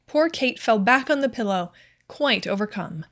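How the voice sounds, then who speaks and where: A woman narrating a classic short story as an audiobook reader, in a measured, clear storytelling manner. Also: on the high side, animated, a bit bright. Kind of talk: scripted narration.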